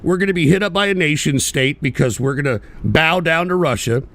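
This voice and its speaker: A man's voice: fairly high pitch, a little fast, a bit bright, no room sound. A man hosting an online political show, ranting bitterly and profanely in a repetitive way. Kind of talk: livestream rant.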